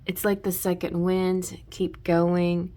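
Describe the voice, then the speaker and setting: A woman with a fairly low voice talks through a tarot reading. She rambles loosely, circling back with restarts and small fillers as she thinks aloud. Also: level tone, takes it slowly, dark tone. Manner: rambling, many restarts and "you know". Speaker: tarot reader.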